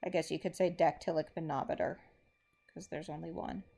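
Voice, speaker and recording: A woman's voice: deep voice, fairly even intonation, fairly quick, vocal fry, warm tone, breathy edge. A woman English teacher giving a recorded lesson, methodically explaining step by step while marking a board.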